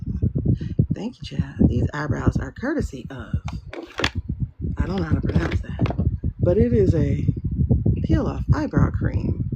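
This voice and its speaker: Gravelly, lively woman chatting on a livestream. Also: lowish voice. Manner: rambling, chatty, greets viewers by name. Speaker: livestream tarot reader. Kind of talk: casual livestream chat. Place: room at home, indoors. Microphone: phone livestream. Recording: lo-fi livestream with loud noise.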